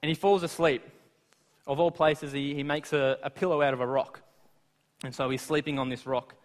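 Male preacher, slightly high-pitched, chatty retelling of scripture, recorded with long hall echo. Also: moderate pace. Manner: lively retelling of scripture with asides to the listeners. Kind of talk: sermon. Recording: long reverb of a large hall.

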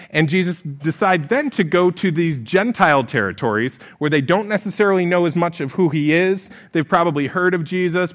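A man's voice: on the high side, fairly bright tone. A male pastor, preaching a conversational sermon and reading scripture aloud.

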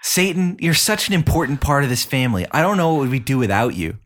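An improv comedy performer with a middle-pitched voice that swings widely. The delivery is gushing and fawning, broken up by laughs. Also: big pitch swings, fast.

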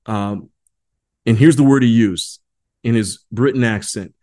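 A man of middling pitch talks loosely to a group over a video call. He often stumbles and repeats his words as he tells a story. Later he shifts to reading a passage aloud. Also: measured pace, darkish tone. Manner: chatty, restarts and repeats words. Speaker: leadership series presenter. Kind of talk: informal talk on a group call, then reading an article aloud.

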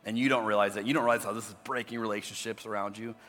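A male pastor voicing God as a gentle, fatherly figure who speaks patiently to a listener. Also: lowish voice, steady tone, rapid-fire, close to an everyday voice. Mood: gently correcting. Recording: long reverb with faint music.

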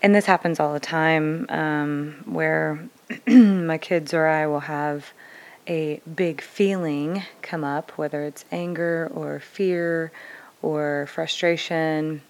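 A woman's voice: low voice, steady tone, slow. A woman in her thirties, a parent, telling a personal story in a candid, conversational and reflective way. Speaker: parent vlogger.

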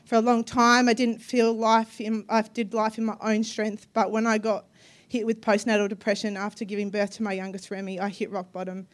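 A woman in her thirties preaching a personal testimony sermon, earnest and emotional, with soft hesitations. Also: medium pitch, flat delivery, fairly quick, few pauses. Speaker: guest preacher.

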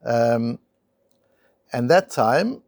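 Male Torah teacher: gravelly voice, close and dry sound, animated storytelling, Hebrew and Aramaic terms mixed in. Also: mid-range voice, extremely slow, no echo. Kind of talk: Talmud class lecture.

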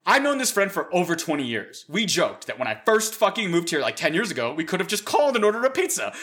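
A man in his thirties tells a story in an animated, exasperated way, swearing as he goes. His voice is bright and lively, rising high as the story gets more absurd. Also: fast talker. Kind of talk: casual chat.

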